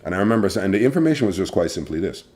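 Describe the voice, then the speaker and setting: Deep-voiced dad co-host; relaxed, colloquial, playful. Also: male voice, rapid-fire. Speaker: family show co-host, father. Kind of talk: casual family chat.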